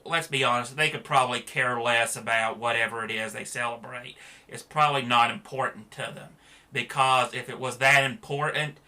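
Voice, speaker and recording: Blunt, sharp-toned man ranting. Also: mid-range voice. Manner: blunt, sarcastic, frank. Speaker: vlogger. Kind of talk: opinion rant to camera.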